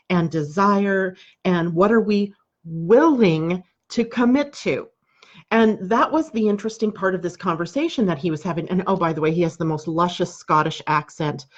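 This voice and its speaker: Woman astrologer host from the US, conversational, fond of rhetorical asides; low-ish voice, muffled stream sound. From United States. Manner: chatty, conversational, asks rhetorical questions. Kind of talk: live daily astrology broadcast.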